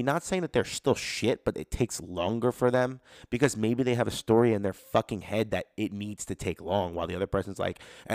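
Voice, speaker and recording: A man's voice: medium pitch, no room sound, clean studio sound. A man hosting a solo podcast, ranting casually with lots of swearing and acting out people's inner voices. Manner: casual, profane, animated, acts out quoted inner voices. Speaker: podcast host.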